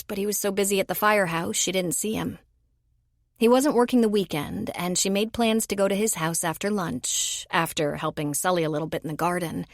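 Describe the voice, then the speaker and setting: A woman narrates a romance audiobook in a measured, even storytelling voice. The pitch sits mid-range for a woman. The recording is dry and close. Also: no room sound. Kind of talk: scripted narration.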